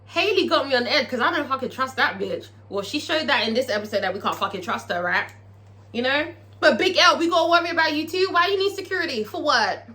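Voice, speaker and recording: A woman's voice: high-pitched, lively intonation, fast, bright, forceful tone. A British woman recapping a TV episode in a casual, profane, chatty way, as a show reviewer.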